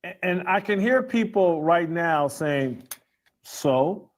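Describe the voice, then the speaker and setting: A man's voice: high voice, animated, a little slow. A man giving opinionated commentary and firing off rhetorical questions.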